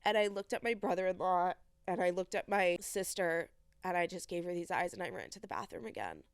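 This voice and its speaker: A woman's voice: fairly low pitch, animated, a little fast, smooth, dry recording. Earnest young woman telling a personal story. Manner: earnest, emotional retelling, many "I was like" quotes. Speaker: podcast host.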